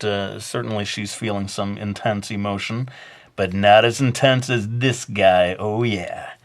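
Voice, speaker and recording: A man narrating a drawing tutorial in a halting, easygoing way, with many filler words and light jokes. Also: mid-range voice, a bit bright. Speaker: drawing instructor.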